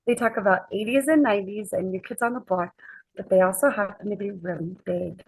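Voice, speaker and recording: A woman guest on a chat podcast, telling a lively anecdote and acting out the quoted dialogue. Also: mid-range voice, brisk, breathy edge, no room sound, poor audio. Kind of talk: casual storytelling chat.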